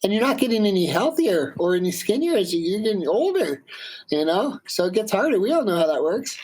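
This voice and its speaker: A man in his thirties, a climber and guest, telling a story in a casual, animated and emphatic way. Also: high voice, fairly quick, breathy edge, rough recording. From Washington State, USA.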